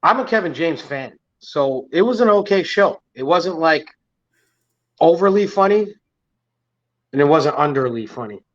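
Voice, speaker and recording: A man's voice: a little high, animated, a little slow, long pauses, muffled recording. A man working as a mechanic, co-hosting a casual chat in a laid-back way and laughing along. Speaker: co-host, mechanic.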